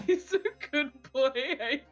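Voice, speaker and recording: A woman's voice: high-pitched, animated, drawn-out words, a bit bright, dull audio, soft background music. A woman playing in a tabletop game, chatting casually, giggling and gushing. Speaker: player. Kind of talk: casual chat.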